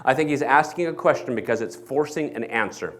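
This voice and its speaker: Animated man preaching a sermon. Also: mid-range voice, a little fast. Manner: animated, acts out the people in the story. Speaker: pastor. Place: church.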